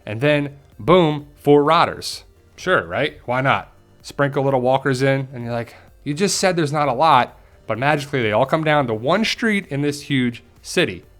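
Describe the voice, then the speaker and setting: A man at a mid pitch chats through a casual episode recap and theory breakdown. He talks loosely and animatedly, and he drops into the characters' lines as he goes. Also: moderate pace, faint music behind. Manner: chatty, animated, acts out quotes. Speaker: TV show commentator.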